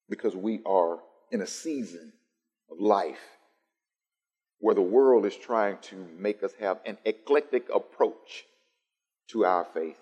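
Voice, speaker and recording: A man's voice: lowish voice, a little mellow. A man preaching a sermon to a live congregation, building through emphatic repetition. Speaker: pastor. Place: church sanctuary, live-streamed. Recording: long church reverb.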